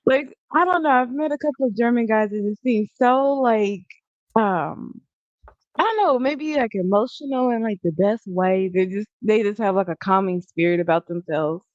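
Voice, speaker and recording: A woman co-hosting a casual livestream chat, talking softly and hesitantly with many fillers. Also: medium pitch, moderate pace, no room sound, lo-fi sound. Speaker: co-host. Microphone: video call.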